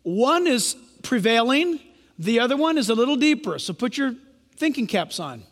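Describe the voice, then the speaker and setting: A man's voice: very high voice, sing-song, moderate pace. A man preaching a sermon as pastor, emphatic and questioning the congregation. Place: church sanctuary. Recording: long hall reverb.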